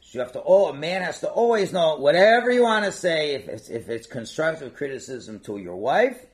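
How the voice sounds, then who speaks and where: A man's voice: a little high, fairly quick. An older man teaching a casual religious class, digressing and acting out quotes with lots of feeling. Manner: animated, digressive, acts out quotes.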